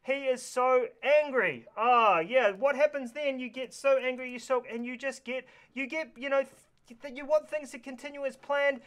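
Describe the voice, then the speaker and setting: A man presenting a live kids' lesson from New Zealand with a New Zealand accent, excitable and full of exaggerated reactions. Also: very high-pitched, normal speed, clean tone. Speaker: kids show presenter. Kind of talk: energetic live kids lesson. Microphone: live stream mic.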